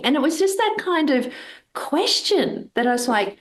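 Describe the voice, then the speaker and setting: A woman hosting an interview, telling stories lively and acting out her own thoughts. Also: high-pitched, normal speed, reverberant. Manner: animated storyteller, acts out her own past thoughts. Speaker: podcast host. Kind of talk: interview chat.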